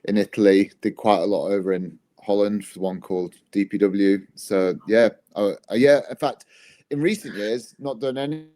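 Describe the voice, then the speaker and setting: A man's voice: lowish voice, normal speed, dark tone. A man, a wrestler, chatting casually in an interview and telling rambling, self-deprecating stories. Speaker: guest, wrestler.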